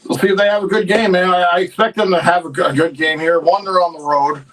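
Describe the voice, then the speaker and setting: A man co-hosting a sports livestream rants in a casual, opinionated way. His voice sits fairly high for a man and is picked up from a little way off the mic. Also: fairly even intonation, quick pace, a bit bright, distant mic, low-quality recording. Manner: opinionated, frustrated rants about the team. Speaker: livestream co-host. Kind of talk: casual hockey chat.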